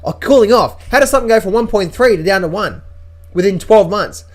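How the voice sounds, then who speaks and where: A man's voice: high-pitched, animated, fast talker. A man giving a casual market-update vlog as a trader, talking emphatically and often repeating words and restarting sentences.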